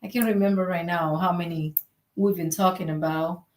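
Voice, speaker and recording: A woman's voice: on the low side, steady tone, normal speed, a little mellow, roomy sound. A woman from the who speaks English. She hesitates and searches for words in a casual chat. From Dominican Republic. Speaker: vlog co-host.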